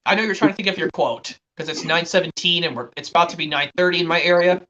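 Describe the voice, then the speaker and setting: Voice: mid-range voice, fast, pushed and bright, lo-fi sound, slight background noise. A stream host talking casually and rambling, with frequent restarts. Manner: chatty, rambling, restarts often. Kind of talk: casual chat on a live stream.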